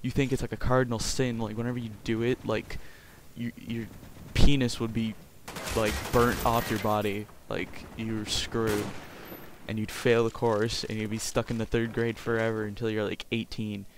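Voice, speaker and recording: A man's voice: on the low side, level tone, moderate pace. Rambling teen boy, gunfire behind. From Canada. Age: teens. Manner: rambling, crude and joking. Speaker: gameplay commentator. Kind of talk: casual gameplay commentary. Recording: game gunfire noise behind voice.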